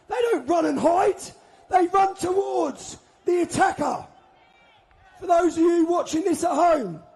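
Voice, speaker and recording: A man yells an impassioned address to a crowd at an outdoor protest, his voice pushed very high and strained. He talks slowly and deliberately, hammering each phrase, with a faint crowd murmur around him. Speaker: rally speaker. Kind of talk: shouted speech to a crowd.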